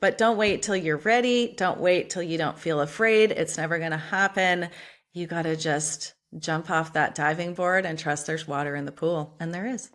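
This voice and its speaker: Speaking at a moderate pace in a fairly low voice, this woman author is a podcast guest. Her talk is motivational, passionate and emphatic, with casual cursing mixed in.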